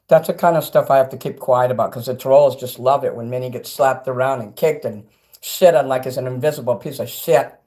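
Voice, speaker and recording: A man's voice: medium pitch, fairly quick. Agitated profane middle-aged man ranting. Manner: profane, agitated, swings between shouting and quiet. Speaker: livestreamer reading chat. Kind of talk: angry livestream rant.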